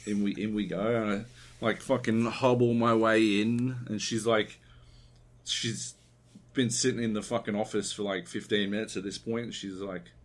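A man's voice: on the low side, steady tone, moderate pace. A man hosting a podcast, telling a long, profane, rambling anecdote in casual chat. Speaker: podcast host.

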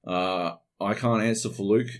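A man's voice: on the low side, a little slow. An Australian man hosting a podcast alone, rambling casually and swearing freely. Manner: rambling, heavy swearing, animated. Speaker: podcast host. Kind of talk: casual solo podcast monologue.

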